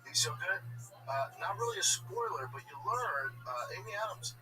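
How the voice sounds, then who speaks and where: Guesting on a podcast, a man with a high-sitting voice and moderate pace chats casually, telling animated stories and acting out others' dialogue. The mic is distant, with music in the background.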